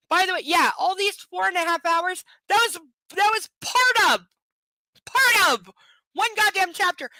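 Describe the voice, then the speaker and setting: A woman's voice: very high-pitched, bright, forceful tone, no room sound. Tired, sardonic woman streamer. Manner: sardonic, blunt, swears freely. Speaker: live stream book reader. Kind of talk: live reading and casual chat.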